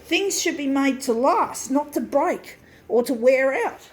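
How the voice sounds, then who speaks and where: A woman's voice: high-pitched, lively intonation, unhurried, slight background noise, low-quality recording. A woman vlogger ranting to her camera, swearing, sighing and exasperated, recorded on a camera mic indoors beside an office copier. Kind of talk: angry rant to camera. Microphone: camera mic, set down nearby.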